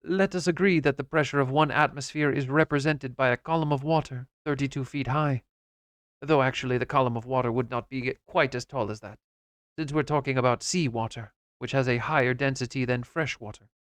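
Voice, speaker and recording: A man narrating an audiobook in a measured, precise, somewhat lecturing way. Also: medium pitch, fairly even intonation, a bit bright, no room sound, clean studio sound. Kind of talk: audiobook reading.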